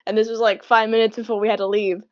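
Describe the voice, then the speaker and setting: A woman's voice: medium pitch, level tone, fast, darkish tone. A young woman in casual chat as a podcast co-host, telling rambling stories with frequent laughs. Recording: dull lo-fi sound.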